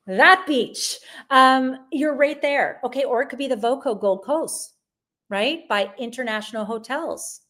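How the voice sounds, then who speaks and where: Chatty woman hosting a live sale stream. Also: fairly high pitch. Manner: chatty and upbeat, with frequent restarts. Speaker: livestream sale host. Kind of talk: live shopping stream presenting.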